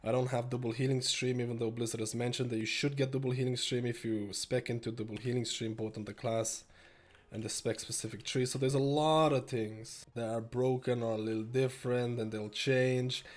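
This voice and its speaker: A young man with a slightly stuffy nose, giving casual gameplay commentary that jumps from steady explaining to excited bursts. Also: mid-range voice, a little fast. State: slightly stuffy, a little sick. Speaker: gameplay streamer.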